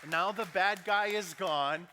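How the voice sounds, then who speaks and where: A man's voice: high voice, takes it slowly, pushed and bright, a faint crowd, slight background noise. A man preaching a sermon as pastor, talking conversationally and acting out what people said. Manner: conversational preaching with acted-out quotes. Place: church sanctuary. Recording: church hall reverb.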